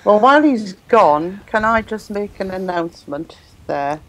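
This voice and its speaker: A woman's voice: mid-range voice, lively intonation, a little slow, a bit bright, low-quality recording. A woman co-hosting a web chat show, reading out an announcement and bossing the others about in fun. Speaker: co-host of a vaping web show. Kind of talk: casual chat with a spoken announcement.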